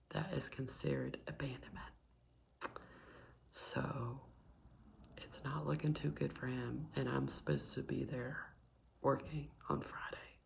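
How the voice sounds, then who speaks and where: Young Southern woman, whispered ASMR chat, very deep fry-heavy tone, unhurried delivery. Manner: soft whisper mixed with low voiced speech. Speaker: ASMR channel host.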